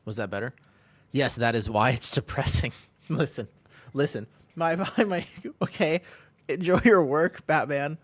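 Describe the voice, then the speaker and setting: Midwestern male streamer, mid-pitched, jokey and upbeat, dry close mic. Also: expressive, normal speed, dry recording. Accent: American Midwestern. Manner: upbeat, joking, often laughing, chatting with viewers. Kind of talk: casual live-stream chat while gaming.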